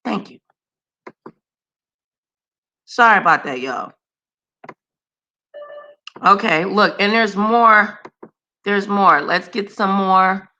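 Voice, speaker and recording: A woman's voice: mid-range voice, slow pace, pauses often, sharp tone, highs cut off. A woman hosting a casual live stream, chatty and slangy, greeting viewers by name. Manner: scolds her dogs mid-stream.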